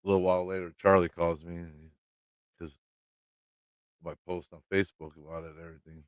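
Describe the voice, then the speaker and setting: A man's voice: low-pitched, level tone, fairly quick, no room sound, muffled recording. A man with a Midwestern American accent hosting a livestream, telling a story in a rambling, casual way, swearing often and laughing. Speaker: channel host talking to live chat.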